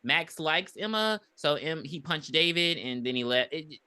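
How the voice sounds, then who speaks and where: A woman co-hosting a podcast, casually retelling a movie plot with animated, acted-out quotes. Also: low voice, unhurried, smooth. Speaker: podcast co-host. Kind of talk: casual movie review chat.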